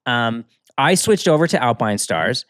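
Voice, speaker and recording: A man co-hosting a podcast in casual chat, an animated storyteller who often quotes other people. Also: medium pitch, a little slow, no echo, clean studio sound. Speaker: podcast co-host.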